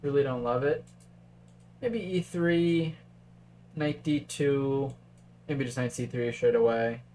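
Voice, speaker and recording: A man commentates a chess game live in an easygoing way, weighing moves aloud and responding to viewers in chat. He speaks slowly at an ordinary middle pitch, sounding a little mellow over a faint hum.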